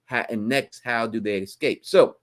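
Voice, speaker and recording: A man's voice: mid-range voice, moderate pace. Man, stream host, rambling explainer, frequent restarts. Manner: explaining at length, with many restarts. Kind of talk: live stream theory chat.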